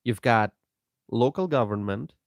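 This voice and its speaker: A man hosting a political commentary live stream, talking in a slow, emphatic way, repeating himself and greeting viewers by name. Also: mid-range voice, vocal fry, no room sound, studio quality.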